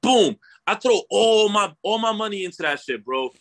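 Animated high-voiced storytelling man. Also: normal speed. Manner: animated, swearing, slangy, repeats "bro" and "right?". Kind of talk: casual storytelling chat.

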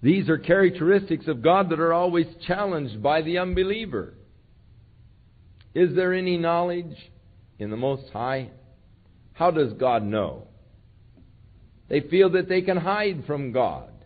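A man preaching a sermon who reads scripture aloud with slow, emphatic stresses. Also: mid-range voice. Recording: tinny phone-like sound.

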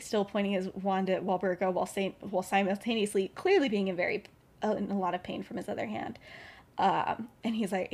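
A woman's voice: mid-range voice, a little mellow, breathy edge. A woman hosting a podcast who retells a story in a chatty, casual way with many filler words. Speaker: podcast host.

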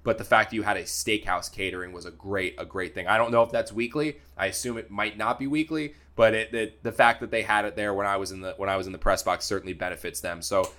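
A young man co-hosting a sports podcast, chatting casually, often repeating words and getting animated when he argues his point. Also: fairly low pitch, quick pace, hardly any pauses. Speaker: sports beat writer and podcast co-host.

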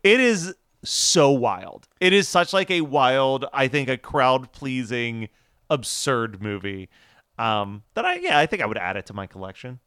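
Laid-back young man, crisp bright voice. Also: medium pitch, big pitch swings, measured pace, no echo, studio quality. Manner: laid-back, swears casually, laughs a lot. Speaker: podcast co-host. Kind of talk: casual chat.

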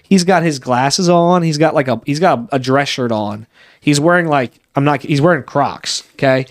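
In a fairly high-pitched voice at a normal pace, a man in his thirties co-hosting a podcast relays a story in casual chat, animated and performing the voices of those he quotes.

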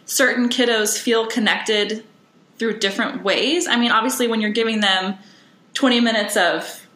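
Woman, podcast host, bright tense voice, rambling casual chat, roomy echo. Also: fairly high pitch, steady tone, normal speed. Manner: chatty, rambling, many fillers.

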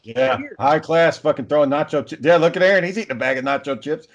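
A man's voice: on the high side, fast talker, dull audio. A man in a casual chat, blunt and teasing, swearing freely.

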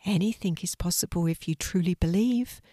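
A woman whispering as a tiny gentle fairy. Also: lowish voice, a little fast, no echo, clean studio sound, lightly acted. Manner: soft, hushed and kindly.

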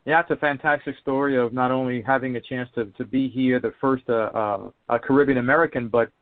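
A man's voice: medium pitch, fairly even intonation, brisk, no room sound. A man hosting a talk show, interviewing in an earnest, motivational way. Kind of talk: casual interview. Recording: dry tinny phone-like line.

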